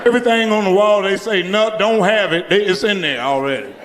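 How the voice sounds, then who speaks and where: A middle-aged stand-up comedian with a high voice talks fairly quickly, telling profane stories and acting out the voices of the people in them. He's on a comedy stage before a laughing audience, with a crowd in the background, live hall reverb and faint noise.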